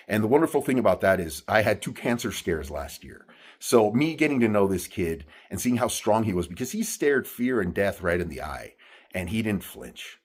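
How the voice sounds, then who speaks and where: Low, husky-voiced man telling a story. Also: very animated. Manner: earnest, halting, many restarts and fillers. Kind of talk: personal storytelling monologue.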